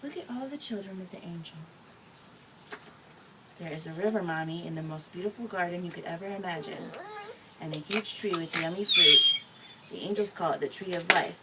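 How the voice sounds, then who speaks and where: A woman reading a picture book aloud to her child in a gentle, expressive way. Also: on the low side, normal speed, long pauses. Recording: home recording with clear background noise.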